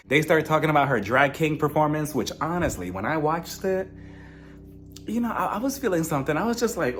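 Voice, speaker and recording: Young adult man, chatty reality TV recapper; lively sing-song pitch, gossipy, slips into impressions of the cast. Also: fairly quick, slight background noise. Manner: chatty, gossipy, acts out cast members' lines in mimicking voices. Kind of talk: casual recap commentary.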